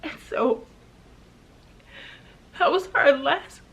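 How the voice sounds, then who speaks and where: A young adult woman telling a painful personal story to camera, halting and emotional, with pauses and restarts. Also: high-pitched, fairly bright tone. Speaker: vlogger.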